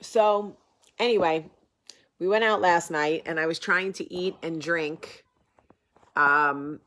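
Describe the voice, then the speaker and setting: A woman hosting a casual vlog, talking to camera in a rambling, animated way, with a sore, swollen face after dental work. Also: lowish voice, slow. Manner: chatty, rambling, animated asides. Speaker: vlog host.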